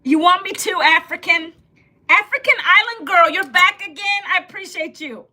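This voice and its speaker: This woman in her fifties has an extremely high, sharp voice, keeping a measured pace and pausing often. On her casual live stream she chats with viewers, responds straight to their comments as they arrive, and laughs frequently.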